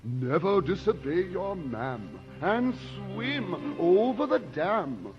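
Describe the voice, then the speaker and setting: A man's voice: high-pitched, very animated, takes it slowly. A man singing and talking through a comic song, with chatty mock-dramatic asides to the listener. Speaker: comic singer. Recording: dull old record with loud music.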